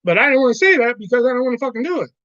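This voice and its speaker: A man's voice: very high-pitched, lively intonation, very fast, fairly bright tone, no room sound. A man hosting a casual livestream chat, swearing a lot and ranting as he acts out his coworkers. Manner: profane ranting, mimics coworkers. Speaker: livestream host. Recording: dry, dull lo-fi sound.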